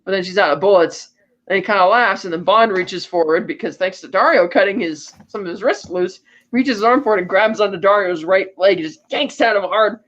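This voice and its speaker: High-voiced man recapping a film. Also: muffled recording. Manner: animated storytelling with quick voiced asides. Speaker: podcast co-host.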